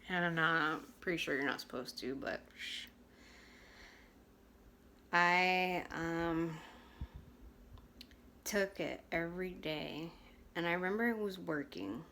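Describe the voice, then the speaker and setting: A young woman vlogger with a low voice, chatting candidly to her camera at an unhurried pace. She keeps restarting her sentences and filling pauses with "um" as she talks. A faint hiss sits behind her. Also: pushed and bright. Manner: chatty and frank, with many fillers and restarts.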